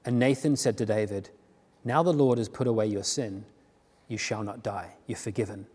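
Conversational preacher in a reverberant hall. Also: male voice, fairly low pitch, normal speed, husky. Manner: conversational, animated retelling with frequent restarts. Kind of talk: sermon.

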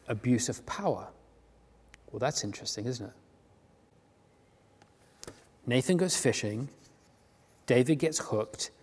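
A male preacher talks through a story in a loose, conversational sermon, stopping and restarting as he goes. His voice sits at an ordinary pitch. A long reverb trails after each phrase, as in a big hall. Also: husky. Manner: conversational, animated retelling with frequent restarts.

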